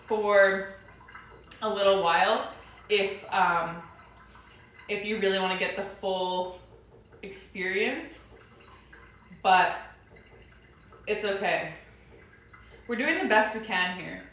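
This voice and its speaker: A woman's voice: mid-range voice, takes it slowly, pauses often, fairly bright tone. A young woman livestreaming from her home kitchen, chatting casually and giggly with viewers, rambling as she goes. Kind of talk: casual cooking livestream chat. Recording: echoey room, mic a bit far off.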